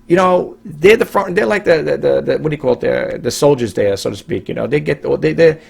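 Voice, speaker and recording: A middle-aged man from New York who resells online talks to his camera in a casual monologue. The voice is a little high, a little fast, slightly mellow, with vocal fry and a breathy edge. He rambles with emphasis, often repeating and restarting his sentences.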